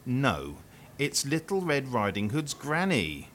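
Guy putting on a big bad wolf voice, slow and sneery, kinda high. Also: wildly swooping pitch, a bit bright, a little hiss or hum, exaggerated voice. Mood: scornful. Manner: drawling, scornful.

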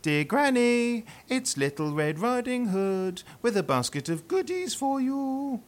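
A man voicing a wolf who puts on a sugary, high-pitched little girl's voice. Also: big pitch swings, a little slow, full character voice.

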